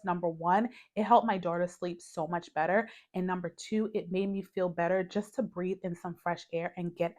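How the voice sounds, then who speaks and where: Candid young woman sharing advice. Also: lowish voice. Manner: candid, conversational, addresses viewer as "girl". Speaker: vlogger, new mother. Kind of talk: casual advice talk to camera. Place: her home, TV in front of her.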